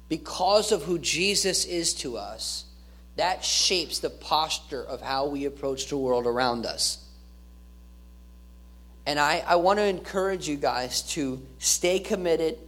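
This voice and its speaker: A man's voice: a little high, a bit bright. A male pastor giving an earnest sermon, repeating key phrases and restarting his words as he preaches.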